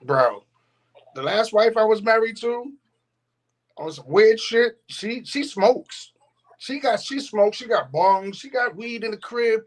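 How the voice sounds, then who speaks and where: High-voiced man telling profane, laughing stories. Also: slow. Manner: profane, laughing often, animated quoting. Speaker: streamer. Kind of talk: casual storytelling chat.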